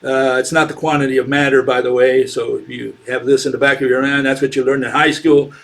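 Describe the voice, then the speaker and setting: A man's voice: medium pitch, flat delivery, fairly quick, gravelly, a bit bright. A man giving unscripted commentary as a channel host, scornful and argumentative, firing rhetorical questions with frequent fillers and restarts.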